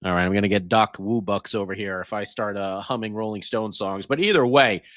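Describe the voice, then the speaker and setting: A man hosting a sports podcast, giving an energetic, jokey game recap. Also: lowish voice, fairly quick, dry recording, clean studio sound. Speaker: podcast host.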